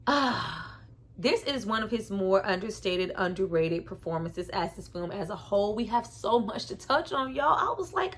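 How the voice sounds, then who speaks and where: A woman hosting a casual film review vlog, talking in an animated, slangy way and laughing between remarks. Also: mid-range voice, normal speed, husky.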